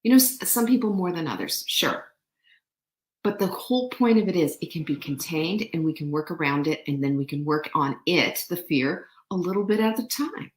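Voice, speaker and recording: A woman's voice: deep voice, expressive, normal speed. A middle-aged woman hosting a show, giving an upbeat, chatty motivational talk and answering viewer comments. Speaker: show host. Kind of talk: live-stream motivational talk. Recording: roomy echo.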